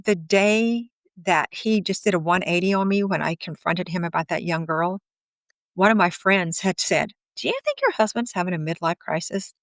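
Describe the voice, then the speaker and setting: Woman, middle-aged, low pitch, dry close sound, emotional personal storytelling. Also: normal speed, dry recording. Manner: emotional, candid, quotes others in dialogue. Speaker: guest telling her story.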